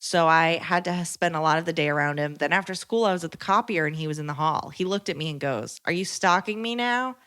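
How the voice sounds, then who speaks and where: A woman's voice: low voice, quick pace, hardly any pauses, fairly bright tone, smooth. A woman co-hosting a podcast, reading listener letters aloud and chiming in with short agreements. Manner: reads letters evenly, short agreeing replies.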